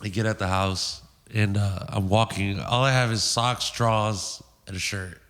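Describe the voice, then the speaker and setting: A man guest on a podcast, telling a wild story in a profane, animated way. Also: lowish voice, unhurried, big-room sound. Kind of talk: casual anecdote.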